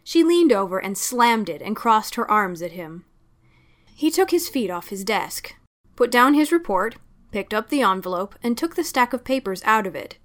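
A woman narrating a story aloud at a middle pitch, calm and even in her delivery. Her reading is steady and unhurried. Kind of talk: reading fan fiction aloud.

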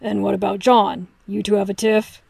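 A woman's voice: mid-range voice, level tone, moderate pace, vocal fry, darkish tone, husky, dry recording. Easygoing, skeptical male inspector, read by a woman narrator. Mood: doubtful. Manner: doubtful, plain-spoken.

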